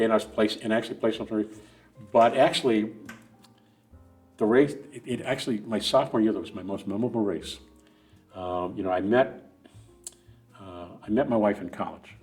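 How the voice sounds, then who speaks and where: A middle-aged man with a lowish, slightly mellow voice is a guest on a running podcast. In this casual storytelling interview, he tells long, rambling stories full of restarts and asides.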